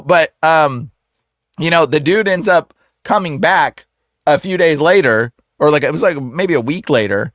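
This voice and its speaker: A man who is a guest on the show, telling a story in a casual, slangy way full of "like" and "bro", animated and acting out the voices in it. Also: fairly high pitch, normal speed, no echo, clean studio sound. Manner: slangy, fills speech with "like" and "bro". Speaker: exorcist guest.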